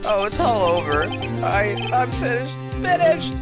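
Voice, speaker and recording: A man's voice: high-pitched, very animated, unhurried, pitched above the performer's own voice, heavily acted. A man doing a wailing, heartbroken young man. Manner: overwrought, sobbing wails. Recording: loud game music behind.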